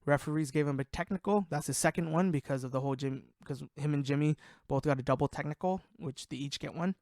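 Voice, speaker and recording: A man's voice: fairly high pitch, quick pace, a little mellow, no room sound, studio quality. A man hosting a casual sports podcast, ranting in a heated, profane way, worked up and sweating. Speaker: podcast host.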